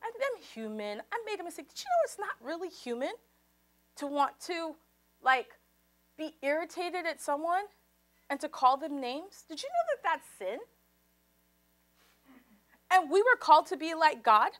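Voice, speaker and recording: High, bright-voiced woman pastor preaching. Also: very animated, measured pace, pauses often. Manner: impassioned preaching, leads congregation in call and response; swings from soft and low to loud, high exclamations. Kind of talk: sermon.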